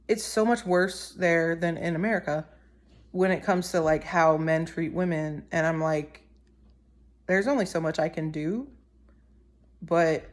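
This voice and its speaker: A teenage girl and singer-songwriter chatting casually, rambling and often correcting herself mid-sentence. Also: on the low side. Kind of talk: casual chat.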